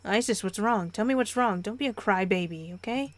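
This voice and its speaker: A woman's voice: medium pitch, fairly quick, a little hiss or hum, close to an everyday voice. Woman voicing a soothing young boyfriend. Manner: soothing, coaxing. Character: caring young boyfriend, gentle and reassuring.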